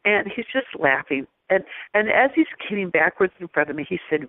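A woman shares stories in an animated conversation, restarting her sentences and slipping into the voices of the people she quotes. Her voice comes through a thin, phone-like line, close and dry. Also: lowish voice, a little fast, hardly any pauses, dry recording. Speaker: guest. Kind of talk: casual storytelling conversation.

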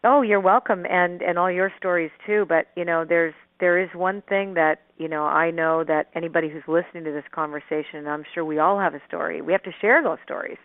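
A host talks in relaxed conversation, backing up the guest with quick affirmations before telling a story of their own. The voice sounds thin and phone-like, with a dry, close quality. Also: mid-range voice, no echo. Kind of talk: casual conversation. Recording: tinny phone-like line.

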